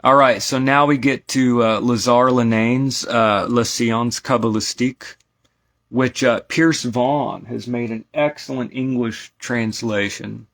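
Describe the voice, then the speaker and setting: A man's voice: mid-range voice, fairly even intonation, measured pace, vocal fry, fairly bright tone. An American man teaching esoteric lore in a casual spoken lecture, rambling with many asides and asking "right?" to his listeners.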